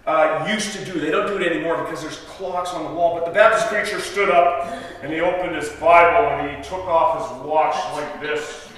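A man's voice: on the high side, steady tone, normal speed, fairly bright tone. A man giving a guest sermon, telling stories in a chatty, self-interrupting way and laughing at his own jokes. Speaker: guest preacher. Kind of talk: storytelling sermon. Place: church sanctuary. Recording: echoey hall, distant mic.

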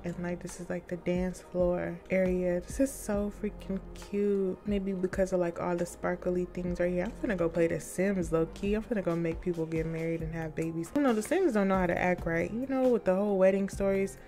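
A young woman giving casual, excitable commentary while exploring a game, chatting to her viewers in slangy, upbeat talk. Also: on the low side, fairly quick, hardly any pauses, faint music behind. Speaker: gaming YouTuber.

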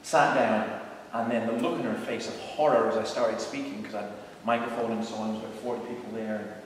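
A middle-aged preacher and evangelist, his voice fairly low and steady, talks at a fairly quick clip as he tells earnest, conversational stories to a visiting tour group inside a large church. He's picked up from far off in an echoey hall, with slight background noise.

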